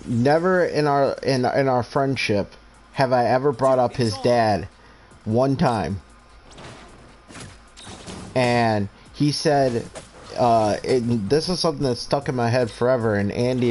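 A young man in his twenties hosts a game stream, chatting in an earnest, rambling way with a light stutter. His voice sits at an ordinary middle pitch. A faint hum of room ambience sits underneath. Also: darkish tone. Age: 20s. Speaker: streamer host. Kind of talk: casual chat while streaming a game.

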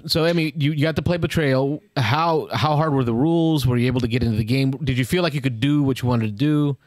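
Man, podcast host, joking, asks questions, middle pitch, dry close mic. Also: quick pace, darkish tone, no echo. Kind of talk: casual board game chat.

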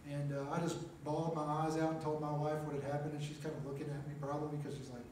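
A middle-aged man telling a testimony from the pulpit of a small chapel, plainspoken and full of filler words. His voice sits a little high for a man. It is picked up from some distance and rings through the room. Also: little pitch movement, fast talker, a little mellow, slight background noise. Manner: plainspoken storyteller, many "uh" and "make a long story short". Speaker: preacher. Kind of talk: testimony sermon. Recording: echoey chapel, mic at a distance.

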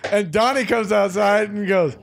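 A man's voice: sits high, moderate pace, vocal fry, slight background noise. A man co-hosting a casual podcast, telling a story with a wry tone. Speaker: podcast co-host. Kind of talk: casual chat.

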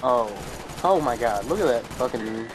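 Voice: medium pitch, animated, normal speed, noisy background. A young adult gamer commentating their own play in a profane, ranting way full of outbursts. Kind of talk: gameplay commentary. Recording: game gunfire faint behind.

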